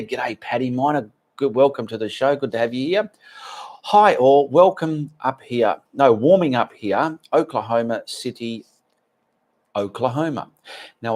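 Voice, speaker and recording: A man's voice: lowish voice, a little mellow. A man with an Australian accent hosting a live art stream, chatting with viewers and reading out their names and messages. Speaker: art channel host.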